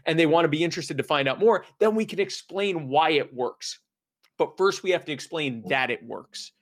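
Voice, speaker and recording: A man's voice: on the high side, lively intonation. A man hosting a casual political discussion, arguing emphatically and rattling off lists. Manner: emphatic, rapid lists, persuasive.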